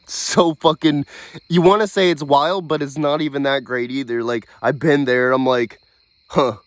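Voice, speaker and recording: A man's voice: on the high side, steady tone, normal speed, dry recording. A young man from the United States in an angry, profane monologue, bitter and laughing between his points.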